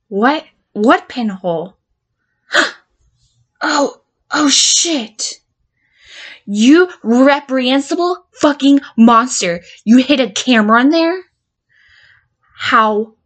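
With a mid-range, slightly bright voice, a woman performs an audio drama monologue as an unstable patient who blackmails her therapist. She stammers and swears, swinging from threats to pleading.

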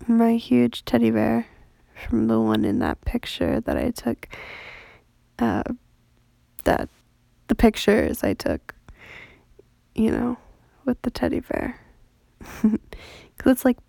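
A woman who has just woken up and is still congested and nasal from a cold, rambling casually in a soft voice with many fillers. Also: huge pitch swings, slow pace, gravelly, pauses often, dry recording. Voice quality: deeper than usual. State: just woke up, sleepy.

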